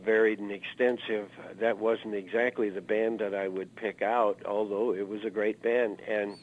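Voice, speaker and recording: A man in his seventies spins long, meandering stories, leaning on "uh" and "you know" as he goes. His voice sits fairly low. The sound is thin and narrow, like a phone line. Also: flat delivery, moderate pace. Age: 70s. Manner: rambling, anecdotal, lots of "uh" fillers. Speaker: guest musician. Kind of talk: reminiscing interview storytelling. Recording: narrow phone-like interview audio.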